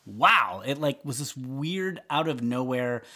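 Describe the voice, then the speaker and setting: Speaking a little slowly in a medium register, this man co-hosts a podcast and chats casually. He recounts movie scenes in a lively way, performing the characters' dialogue along the way.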